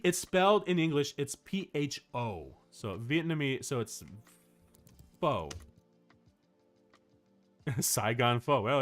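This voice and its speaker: A man streaming casual chat, telling a story in an animated way with frequent restarts. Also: medium pitch.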